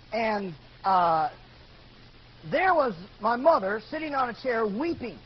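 An older man telling a personal story in a sermon, earnest and building to loud outbursts. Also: very high voice, breathy edge. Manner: earnest storytelling, rises to shouting when quoting. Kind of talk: sermon testimony. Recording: dull lo-fi recording with faint noise.

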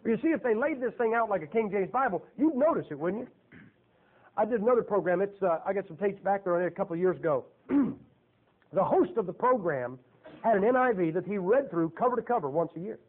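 High-voiced preacher man, tinny sound. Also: expressive, a little fast. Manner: folksy, emphatic, rhetorical questions to the audience. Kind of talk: sermon.

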